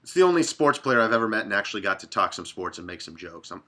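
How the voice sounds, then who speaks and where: A man's voice: fairly low pitch, very animated, fast, bright, forceful tone. A man from Dallas hosting a casual sports betting talk, blunt and profane, rambling from one game to the next. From Dallas, Texas.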